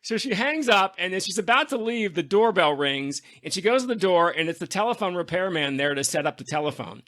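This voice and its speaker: Man, podcast host, casual chat, enthusiastic storyteller, very bright tone, slightly high pitch. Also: sing-song, fairly quick.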